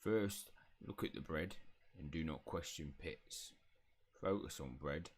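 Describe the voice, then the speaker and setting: A man's voice: a bass voice, slow, pitched below the performer's own voice. A man voicing a grumpy male house elf from a video game, curt and speaking of himself by name. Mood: gruff.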